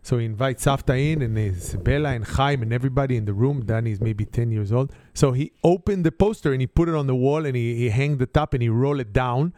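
Speaking quickly with few pauses, a man with an Israeli accent spins an animated family story in simple, slightly broken grammar. His mid-range voice is warm and mellow, recorded close and dry with no room sound.

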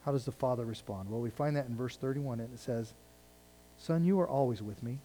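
This sermon comes from a man with a warm, medium-pitched voice who talks fairly quickly, reading passages and then putting them in plain, conversational terms. His intensity climbs and drops, and the recording is rough.

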